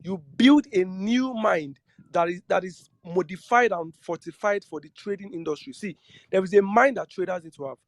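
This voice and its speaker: A man's voice: high voice, normal speed, no echo. A man giving an earnest lecture on trading psychology, often repeating himself and asking listeners questions. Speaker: trading teacher. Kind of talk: lecture-style talk to trading students.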